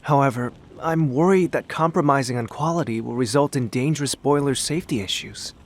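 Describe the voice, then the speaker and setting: A man's voice: medium pitch, a little fast, slight background noise, close to an everyday voice. An actor voicing an earnest, idealistic male inventor in a video game, speaking formally. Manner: earnest, formal, stammers when flustered. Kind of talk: game voice acting.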